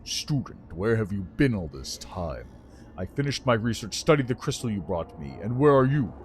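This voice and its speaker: A man voicing an ancient male lich, a dry, rasping and condescending teacher who lectures. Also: on the low side, sing-song, moderate pace, slight background noise. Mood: angry lecturing.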